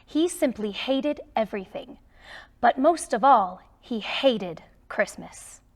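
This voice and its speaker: Woman reading a storybook slowly. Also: on the high side. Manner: slow, expressive, emphatic reading. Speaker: storybook reader. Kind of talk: children's storybook read-aloud.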